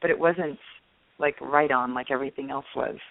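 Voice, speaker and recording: A woman guest telling her own story in an interview, chatty and animated, full of "like" and "you know". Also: extremely low pitch, moderate pace. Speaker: guest, past-life regression client. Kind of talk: personal storytelling in a phone interview. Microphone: telephone. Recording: tinny phone line.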